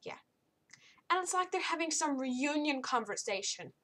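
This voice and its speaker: A young woman talks through a book review in a loose, rambling way, restarting sentences as she goes. Her voice sits a little high, and her tone is blunt and exasperated. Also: animated, moderate pace, sharp tone. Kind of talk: casual spoken review.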